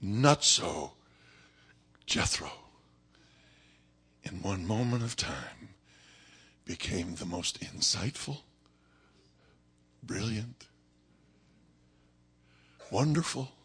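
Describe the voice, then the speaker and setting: A man preaching a sermon, telling a story dramatically and swinging from shouts down to whispers. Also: lowish voice, expressive, extremely slow, pauses often, breathy edge.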